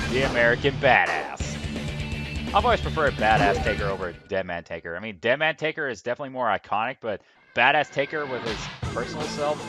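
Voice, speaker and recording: A man giving casual, rambling commentary on his own gameplay, chatting to viewers on a quiet, low-level microphone. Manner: relaxed, rambling talk to viewers. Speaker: let's play gamer. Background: video game music.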